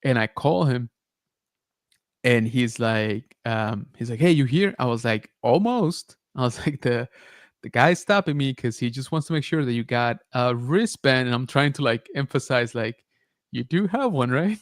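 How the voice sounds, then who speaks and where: A man hosting a podcast, telling a story in a casual, animated way with lots of filler words. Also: mid-range voice, moderate pace, no room sound, studio quality. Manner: animated retelling, many filler likes and rights. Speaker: podcast host.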